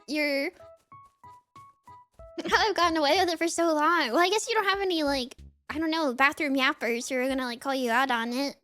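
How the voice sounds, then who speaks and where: A woman's voice: high-pitched, fairly bright tone. A woman streamer chatting casually with her viewers, giggling a lot and apologizing often. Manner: giggly, keeps laughing and apologizing. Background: faint game music.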